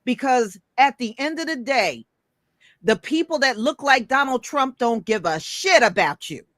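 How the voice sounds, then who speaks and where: A woman's voice: high voice, lively intonation, a little slow, a bit bright, no echo, studio quality. A woman hosting a casual opinion talk, blunt and emphatic, swearing freely. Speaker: host.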